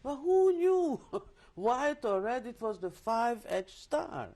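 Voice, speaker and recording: Older woman, interview testimony, lively storytelling, dark mellow timbre. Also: fairly high pitch, slow pace. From Czechoslovakia. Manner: vivid storytelling with restarts and asides. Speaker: interviewee, Holocaust survivor. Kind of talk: oral history testimony.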